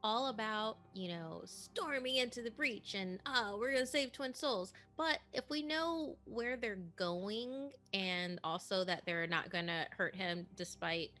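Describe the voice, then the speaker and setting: A woman chatting as a player in a tabletop game, talking quickly and describing her character in detail. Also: medium pitch, pushed and bright. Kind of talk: casual chat playing a tabletop game.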